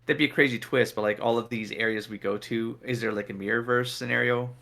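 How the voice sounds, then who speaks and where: Man, gravelly and bright-toned, speculative casual fan chat with laughs. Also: medium pitch, steady tone, fast. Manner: speculative, laughs through his words. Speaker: discussion panelist.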